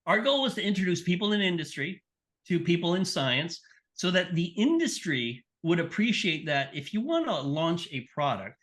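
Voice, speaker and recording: In a high-pitched voice at a moderate pace, a middle-aged sports nutrition scientist recounts stories as a podcast guest. It's a casual interview, and he tells things animatedly, acting out the people he quotes.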